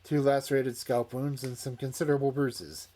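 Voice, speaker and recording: A man's voice: medium pitch, flat delivery, normal speed, mellow, lightly acted. A man voicing a composed male surgeon who gives a clipped medical report. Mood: brisk.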